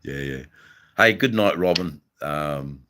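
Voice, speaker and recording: An Australian man hosting a livestream, chatting casually with viewers in a halting way, full of ums and repeated phrases. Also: rumbling low, animated, pushed and bright. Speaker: livestream host reading chat. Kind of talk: casual live-stream chat.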